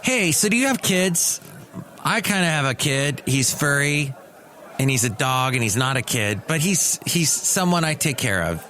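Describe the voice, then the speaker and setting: Man, podcast host, solo monologue, dry sarcasm, rambling asides, mid-pitched voice. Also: expressive, normal speed, bright, forceful tone, a little hiss or hum. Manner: sarcastic, rambling, self-mocking. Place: small cafe studio.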